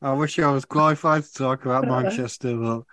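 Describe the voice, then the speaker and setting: A man's voice: mid-range voice, steady tone, a little fast, fairly bright tone, no echo. Male co-host; blunt, sweary, laughs easily; dry close mic. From North West England. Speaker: podcast co-host. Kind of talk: casual banter.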